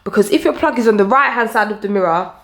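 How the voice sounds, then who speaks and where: A woman's voice: medium pitch, quick pace. A woman chatting and bantering in a casual home DIY vlog. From Saint Lucian and Jamaican family. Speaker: vlogger. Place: home room. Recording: echoey room with faint noise.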